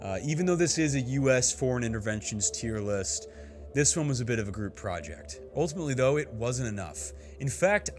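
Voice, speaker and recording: A man giving scripted narration for a history video essay, with a dry, sardonic humor. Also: mid-range voice.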